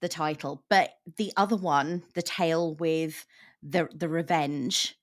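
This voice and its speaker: A woman's voice: deep voice, fairly even intonation, a little slow. Thoughtful woman explaining a book. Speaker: book discussion host. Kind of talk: casual book chat.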